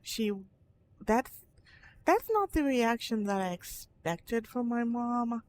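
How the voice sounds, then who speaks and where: A woman's voice: fairly high pitch, lively intonation, slow pace, a little mellow, a little hiss or hum. A woman talking frankly in a personal vlog, rambling with restarts and tangents. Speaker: vlogger.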